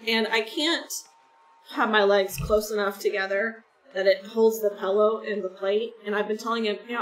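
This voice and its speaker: A woman's voice: medium pitch, steady tone, normal speed. A woman streaming a game, chatting in a rambling, casual way and talking to her viewers. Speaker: gaming streamer. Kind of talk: casual chat while playing a game. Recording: roomy, distant mic with soft game music.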